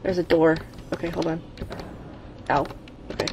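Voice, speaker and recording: A woman's voice: fairly low pitch, steady tone, normal speed, noisy background. Exasperated woman cursing through a game. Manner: chants repeated urging phrases. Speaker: gaming channel host. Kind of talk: let's play commentary.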